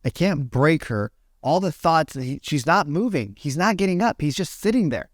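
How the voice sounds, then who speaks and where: A man guest on a podcast explaining meditation in a motivational way, animated and repetitive, often asking "right?" and jumping up in pitch to act out inner voices. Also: brisk, no echo, clean studio sound. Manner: animated, repeats phrases, keeps asking "right?"; acts out inner voices with high pitch jumps.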